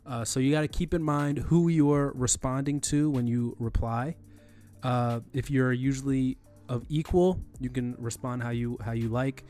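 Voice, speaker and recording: A man's voice: mid-range voice, fairly even intonation, normal speed, mellow, soft background music. A man teaching in a loose, conversational way, often restarting and repeating phrases with fillers. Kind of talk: screen-recorded tutorial on email etiquette.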